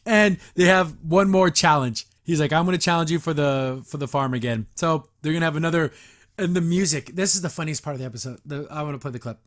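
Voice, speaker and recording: A man's voice: on the high side, fast, a bit bright, faint music behind. A man hosting a casual episode review, rambling with lots of fillers and frequent laughs. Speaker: show reviewer and podcast host.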